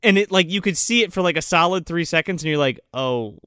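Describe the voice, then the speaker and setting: Animated, expressive man. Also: a little high, brisk, smooth, dry recording, studio quality. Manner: animated, swearing, acts out characters mid-story. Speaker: podcast co-host. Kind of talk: casual movie-recap chat.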